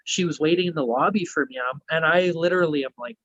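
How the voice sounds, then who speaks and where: A man's voice: fairly high pitch, fast talker, fairly bright tone, no echo, highs cut off. Swearing man telling a story. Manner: swears constantly, rambling. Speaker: wrestler guest. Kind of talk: casual storytelling.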